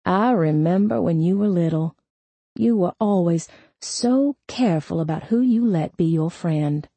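A soothing yet firm middle-aged mother, as a female reader voices her, low, mellow and husky, measured delivery, close and dry, storybook dialogue. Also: expressive, no room sound.

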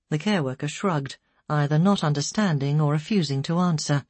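A woman narrates a story in a slow, somber way, her voice lowish and husky. The recording is close and dry. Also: darkish tone, dry recording. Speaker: audiobook narrator. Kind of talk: scripted narration.

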